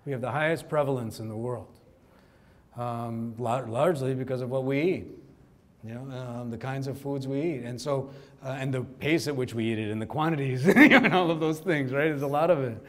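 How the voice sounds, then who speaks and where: Guy from kerala giving a keynote, chatty storyteller, medium pitch, lots of asides. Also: moderate pace. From Kerala, India. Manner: conversational, lots of asides and "you know". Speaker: keynote speaker. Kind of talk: storytelling speech. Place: conference hall before an audience.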